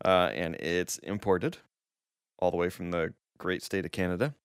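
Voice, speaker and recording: A man's voice: deep voice, steady tone, moderate pace, clear, resonant tone, dry recording, clean studio sound. A man co-hosting a casual podcast, reading news items aloud and joking along the way. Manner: reads out news items with jokey asides. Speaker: podcast co-host. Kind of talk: casual chat.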